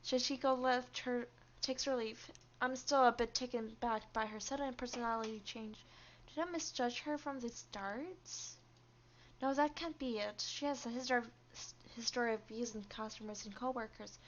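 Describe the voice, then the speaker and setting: A woman's voice: a little high, steady tone, moderate pace, highs cut off, slight background noise. A woman streamer reading game text aloud and reacting expressively to the story.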